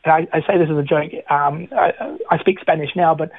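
A middle-aged man, a radio guest telling his personal story in a chatty, animated way with many restarts. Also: fairly high pitch, brisk, husky, dry recording. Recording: dry phone-like radio line.

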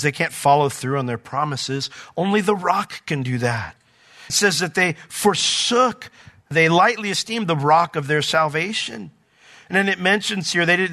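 A man's voice: fairly high pitch, pushed and bright. A man preaching a conversational sermon as pastor of a church, reading scripture and acting out short quoted voices.

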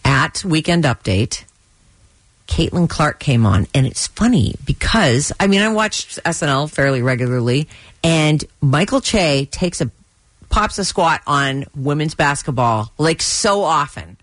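A woman's voice: deep voice, very animated, measured pace, no echo. Chatty woman radio host, dry mic. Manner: chatty, exasperated asides. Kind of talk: casual chat recapping TV.

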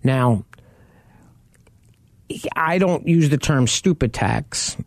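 A man's voice: on the high side, lively intonation, extremely slow, no room sound. A man co-hosting a talk show about buying cars, telling anecdotes in a casual way and acting out what people said. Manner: storytelling, acts out quoted people. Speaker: co-host.

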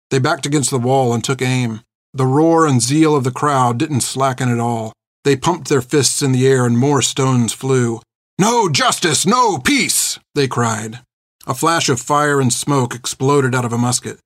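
Recorded dry on a close studio mic with no room sound, a man reads a story as an audiobook narrator. His scripted narration is steady and measured, pitched in an ordinary middle range.

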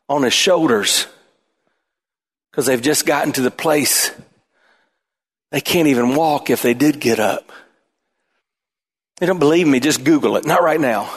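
A man pastor preaching a sermon in an animated way, his voice climbing toward near shouts at times. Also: a little high, husky.

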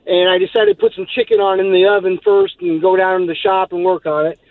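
Over a tinny phone line with a dry sound, a Texan man calls into a radio show and spins a long yarn, laughing as he rambles and filling gaps with fillers. He talks fast in a high, gravelly voice whose pitch swoops wildly.

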